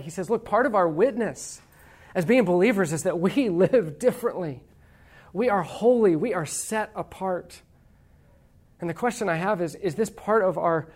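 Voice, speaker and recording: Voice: mid-range voice, darkish tone. A preacher delivering a sermon in an easy, conversational manner, asking the congregation questions and reading old quotations aloud with weight. Wry, playful asides break up the teaching. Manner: reads quotations aloud with emphasis.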